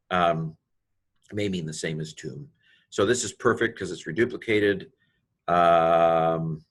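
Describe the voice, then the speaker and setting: A man with a deep, low-pitched voice walks through a Greek text like a teacher at his desk. He thinks aloud, naming tenses and participles between frequent ums. Small grammar discoveries delight him. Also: fairly bright tone. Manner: thinks aloud, parsing each word with many ums and asides. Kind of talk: informal walkthrough of a Greek text.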